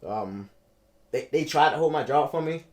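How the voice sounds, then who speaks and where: Animated man in his thirties. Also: moderate pace. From Baltimore, United States. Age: 30s. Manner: animated, repeats himself, builds to emphatic highs. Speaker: podcast host telling his own story. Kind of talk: casual storytelling interview.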